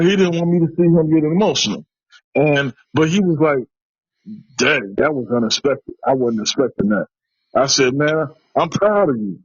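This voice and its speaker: A man's voice: a little high, breathy edge, no room sound, lo-fi sound. A middle-aged man from Chicago telling a personal story in an interview, in an earnest way, with many restarts. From West side of Chicago. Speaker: interviewee, tradesman.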